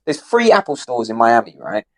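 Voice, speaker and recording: A man's voice: medium pitch, normal speed, no room sound. A young man from England, co-hosting a podcast, telling stories with lots of slang and swearing. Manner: animated storyteller, heavy slang and swearing. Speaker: podcast co-host. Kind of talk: casual chat.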